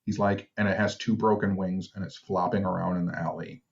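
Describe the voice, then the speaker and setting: A man's voice: low-pitched, flat delivery, fairly quick, creaky, dull audio. A man co-hosting a podcast, telling stories in laid-back casual chat and laughing at himself. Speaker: podcast co-host.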